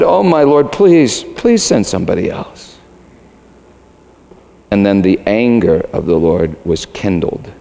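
A man preaching a sermon emphatically, swinging between loud declarations and hushed asides. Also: mid-range voice, vocal fry. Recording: long hall reverb.

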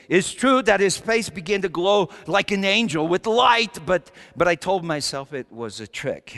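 A man playing a fiery, repentant Paul in a dramatic sermon monologue, stammering and repeating words as he drops to low murmurs and rises to shouts. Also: big-room sound. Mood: grave. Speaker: church speaker in character.

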